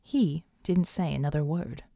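A woman narrating an audiobook in a steady, even way. Her voice is mellow and dark, and the recording is dry and close with no room sound. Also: low-pitched, a little slow, vocal fry, no echo. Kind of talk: scripted narration.

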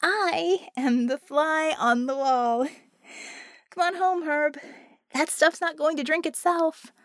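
A woman's voice: high-pitched, darkish tone, no echo, clean studio sound, pitched above the performer's own voice. A woman reading a tipsy, playful woman speaking over a bar's sound system. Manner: slow, tipsy, teasing.

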